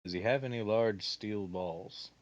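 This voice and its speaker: A man's voice: lowish voice, unhurried, dull audio. A man playing a character in a tabletop game, playful and joking. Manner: playful, puts on accents. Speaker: player. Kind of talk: tabletop role-play.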